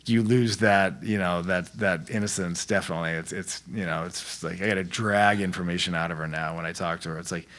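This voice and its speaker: A middle-aged man with a fairly low voice chats loosely on a podcast. His talk is slangy and laid-back, rambling through stories with many restarts. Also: steady tone, a little fast, hardly any pauses, fairly bright tone. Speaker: podcast guest, actor. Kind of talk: casual storytelling chat.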